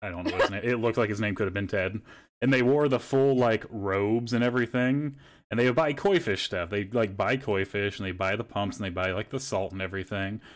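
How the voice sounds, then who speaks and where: A man's voice: fairly low pitch, brisk. A young man hosting a podcast, telling rambling stories in casual chat and swearing freely. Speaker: podcast host.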